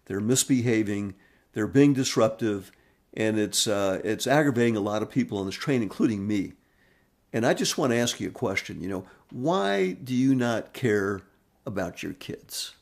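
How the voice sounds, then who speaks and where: A man voicing an irritated older man, gravelly. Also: on the low side, expressive, moderate pace. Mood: stern. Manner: blunt, pointed questioning.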